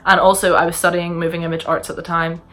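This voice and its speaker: A woman's voice: lowish voice, little pitch movement, fast talker, fairly bright tone. Chatty young Northern Irish woman. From Northern Ireland. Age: young adult. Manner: chatty, rambling and self-deprecating. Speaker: vlogger. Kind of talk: casual Q&A chat to camera. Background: faint music from another room.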